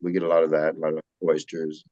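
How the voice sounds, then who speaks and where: A man talking in a relaxed, self-deprecating way as a guest on a podcast. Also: extremely low pitch, fast, no room sound, highs cut off. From Texas. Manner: easygoing, self-deprecating, chuckles often. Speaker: guest, football fan. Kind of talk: casual podcast chat.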